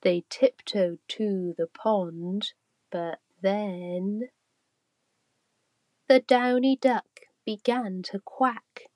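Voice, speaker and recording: A woman reading a rhyming children's story aloud, slow and expressive. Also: medium pitch, no echo.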